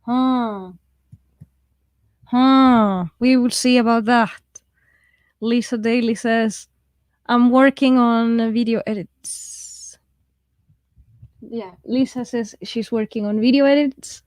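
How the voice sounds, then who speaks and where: A woman's voice: fairly high pitch, steady tone, slow, pauses often, a little mellow, dry recording. A woman with a mixed, shifting accent, hosting a live writing stream in a casual, self-deprecating way, reading viewer comments aloud and laughing often. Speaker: livestream host of a writing write-in.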